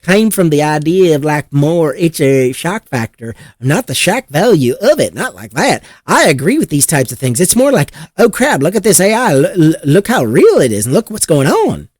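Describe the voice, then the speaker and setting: A man's voice: fairly high pitch, very animated, normal speed, hardly any pauses, dry recording, clean studio sound. A man mocking a stammering Kentucky cop. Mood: defensive. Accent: put-on Kentucky accent. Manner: stammering, rambling, defensive. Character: dim-witted male police officer making excuses.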